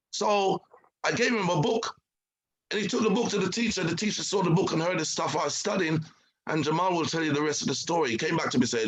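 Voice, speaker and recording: A man giving a spiritual lecture, telling stories in a lively way and acting out what others said. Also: on the high side, brisk, rough recording. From United Kingdom. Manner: lively storytelling, acting out quotes. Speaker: guest speaker.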